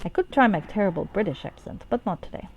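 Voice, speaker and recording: A woman's voice: medium pitch, expressive, fast, gravelly, lo-fi sound, slight background noise. A woman streaming a game, chatting casually and rambling, swearing freely and joking about herself. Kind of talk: casual live-stream commentary.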